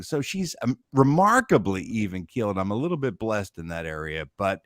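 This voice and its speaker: Man, middle-aged, guest, lively varied pitch, dry close sound, reflective. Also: moderate pace, few pauses, dry recording. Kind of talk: casual chat.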